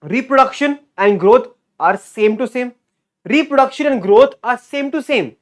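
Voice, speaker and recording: A male teacher giving a lively online exam-prep lecture. He repeats key words and keeps quizzing his students. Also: extremely high pitch, moderate pace. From India.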